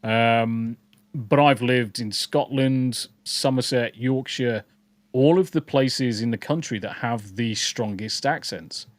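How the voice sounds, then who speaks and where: A man's voice: mid-range voice, slow, no echo. English man with mixed regional accent. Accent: mixed English, partly southern. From English Midlands. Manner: rambling, jokey, repeats words. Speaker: podcast co-host. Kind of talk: casual chat reading live comments.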